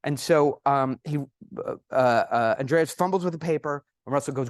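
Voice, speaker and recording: A man giving a conference presentation, telling anecdotes in an animated, emphatic way. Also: medium pitch, normal speed, dry recording, clean studio sound. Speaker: conference speaker. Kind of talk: presentation with storytelling.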